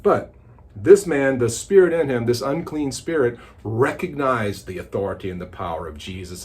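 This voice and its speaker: A man teaching a daily devotional Bible study, retelling the story with animated, dramatic storytelling. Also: medium pitch, moderate pace.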